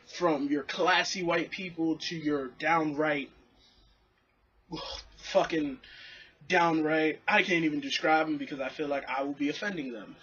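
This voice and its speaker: Young male vlogger: high, sharp voice with a husky edge, swearing storyteller. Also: highs cut off. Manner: animated, swearing, acts out quotes. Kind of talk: casual profane storytelling to camera.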